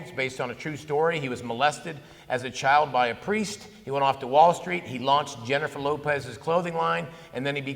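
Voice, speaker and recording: Man speaking in a reverberant hall. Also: medium pitch. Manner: conversational, animated storytelling with asides. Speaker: conference speaker. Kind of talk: conference talk on Catholic faith. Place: conference hall.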